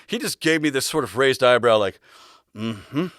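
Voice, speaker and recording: A man's voice: mid-range voice, animated, a little fast, a bit bright, no echo, studio quality. A middle-aged man hosting a podcast, telling rambling backstage anecdotes with frequent laughs and acted-out quotes. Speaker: podcast host. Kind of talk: casual storytelling.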